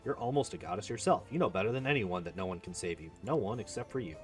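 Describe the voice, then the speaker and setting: Man reading as a gentle pleading young healer. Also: lowish voice, lively intonation, quick pace, faint music behind, pitched below the performer's own voice, close to an everyday voice. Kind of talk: reading game dialogue aloud.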